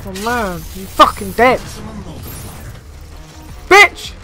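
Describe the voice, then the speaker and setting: A young man playing a shooter game, swearing and shouting trash talk at the enemies as he plays. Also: high voice, unhurried, soft background music. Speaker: gamer. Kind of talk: let's play commentary.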